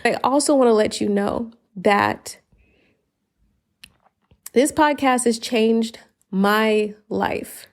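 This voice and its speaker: A woman with a fairly high voice speaks slowly, pausing often, as she hosts her solo podcast from her home abroad in Barcelona. She comes across earnest and grateful, laughing between sentences and a little choked up.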